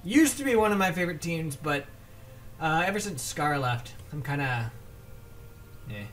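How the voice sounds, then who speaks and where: Man, high voice, solo game shoutcast, casual and rambling, trips over names, faint room noise. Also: animated, moderate pace. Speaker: esports shoutcaster. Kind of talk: solo video game commentary.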